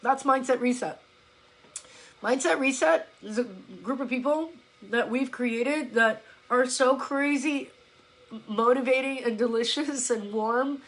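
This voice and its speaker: A woman's voice: high-pitched, unhurried, low-quality recording. A woman fitness coach talking casually on a live stream, blunt and emphatic, swearing now and then and acting out her followers' complaints. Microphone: phone or laptop.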